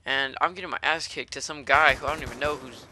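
A man's voice: medium pitch, fairly even intonation, fast talker, sharp tone, faint music behind. A man doing live gameplay commentary, ranting and cursing in a fired-up rage. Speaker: gaming commentator.

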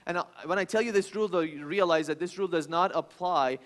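A high-pitched man in his thirties preaches to his congregation. He tells a family story with frequent restarts, then climbs into loud, emphatic bursts on his main points. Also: quick pace. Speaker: pastor. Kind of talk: sermon.

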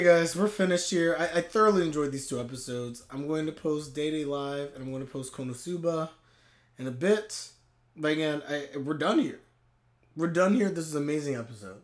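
A man reacting live to an anime episode, his voice sitting a little high. He talks in an excitable, animated way, with quick swings in loudness and pitch.

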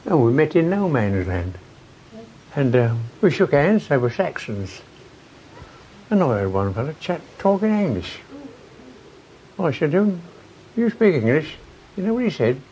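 Older man, higher voice, very animated pitch, faint background hiss. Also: measured pace, pauses often, rough recording. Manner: chatty, lively anecdote-telling. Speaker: war veteran interviewee. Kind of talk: archive oral-history interview.

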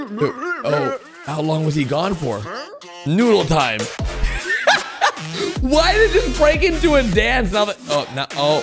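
A young man hosting a reaction video, excitable and loud, often laughing and shouting as he comments. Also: high-pitched. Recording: music playing underneath.

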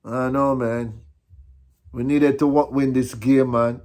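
A man's voice: mid-range voice, fairly even intonation, unhurried, a little mellow. A Jamaican man ranting on his vlog, frustrated and repetitive, slipping between patois and English. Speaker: vlogger.

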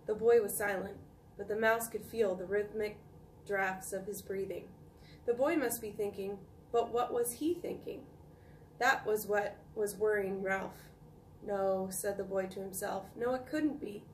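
A woman teacher reading a children's chapter book aloud with calm, expressive storytelling. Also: mid-range voice, measured pace. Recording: echoey room, distant mic, faint noise.

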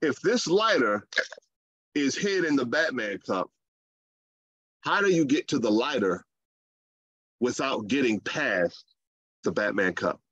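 A man preaching a sermon in a lively, conversational way, with playful asides. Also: mid-range voice, slow pace, long pauses, husky, no room sound, dull audio.

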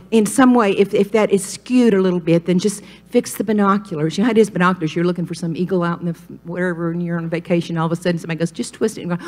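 An older woman preaching a sermon at a women's retreat, animated and folksy, jumping up in pitch for emphasis. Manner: animated, folksy storytelling with sudden rises in pitch.

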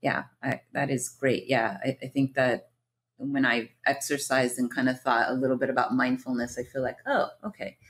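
This woman is a guest psychiatrist on a podcast, and her voice is strikingly deep for a woman. She speaks thoughtfully and fills her pauses with plenty of casual fillers. She also murmurs soft agreement while the host talks. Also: level tone. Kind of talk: casual conversational interview.

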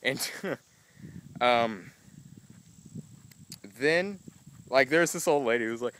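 A man's voice: medium pitch, lively intonation, slow pace, a bit bright. Rambling young man vlogging casually. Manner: rambling, laughing, self-mocking. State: just woke up.

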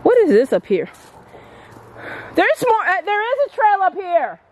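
A woman vlogging outdoors at an old stone landmark, chatting excitedly to her viewers on a handheld phone camera. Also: very high voice, a little slow, a little hiss or hum. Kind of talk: casual vlog narration. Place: outdoors at a historic stone furnace.

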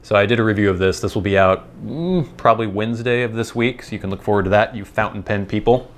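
An American man with a lowish voice talks fast while hosting his channel. His monologue is casual and rambling, chatty, digressive, and amused.

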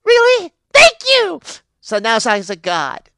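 Ancient unhinged pixie, voiced by a man: lively pitch that leaps into squeals, bright edge, dry close sound. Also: moderate pace, no echo, exaggerated voice. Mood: giddy rambling. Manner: rambling, giddy, sudden high squeals. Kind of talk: character monologue for fan animation.

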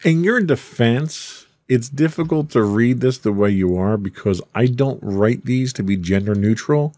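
A man's voice: mid-range voice, a little slow, dark tone, no room sound. A man hosting a podcast, reading a script aloud between teasing, casual banter with his co-host.

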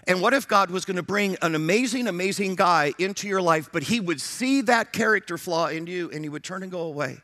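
A man's voice: sits high, lively intonation, brisk, hardly any pauses, pushed and bright, no room sound, studio quality. A middle-aged man preaching a sermon as pastor, emphatic, repeating his phrases and acting out prayers and dialogue.

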